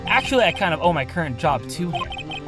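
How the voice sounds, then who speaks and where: An earnest young defense lawyer from a video game, reading his lines plainly, as a man voices him. The delivery is lively in pitch, with music underneath. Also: fairly quick.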